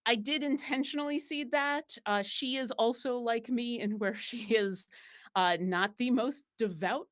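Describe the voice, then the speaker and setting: Unhurried and on the high side in pitch, this woman from Buffalo, New York, talks as a guest player in an informal interview. She meanders with plenty of fillers and restarts and is quick to laugh.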